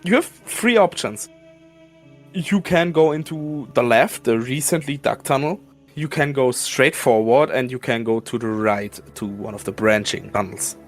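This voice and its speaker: Soft music plays behind a man running a horror tabletop session as game master. He speaks at a medium pitch and an unhurried pace, loose and filler-heavy, and he describes the gore with obvious glee.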